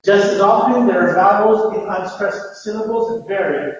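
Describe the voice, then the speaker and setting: A man lectures in a halting, explanatory way, often restarting sentences. His voice sits high. The sound is dull and distant, with a long echo from a big hall. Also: steady tone. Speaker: phonetics lecturer. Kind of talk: classroom lecture.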